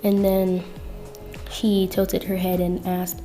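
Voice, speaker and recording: A young woman casually narrating a listener story as channel host, chatty and full of fillers, over soft music. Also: medium pitch, completely flat delivery, takes it slowly. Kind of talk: reading a fanfic-style listener story.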